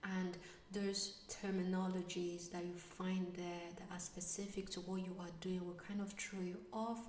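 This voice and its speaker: A young adult woman whose first language is not English tells a story, slipping between hushed whispers and sudden excited bursts. Her voice sits a little low for a woman. She sounds set back from the mic in a roomy, echoing space. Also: normal speed, a little hiss or hum. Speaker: vlogger. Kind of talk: casual storytelling vlog. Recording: echoey room, slightly distant mic.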